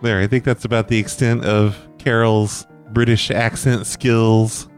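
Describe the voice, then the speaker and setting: A man's voice: fairly low pitch, flat delivery, measured pace, faint music behind. A man hosting a podcast, chatting casually and wryly about his listeners' voicemails, often joking at his own expense. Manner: wry, self-deprecating, joking. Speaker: podcast host. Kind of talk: casual chat reacting to voicemails.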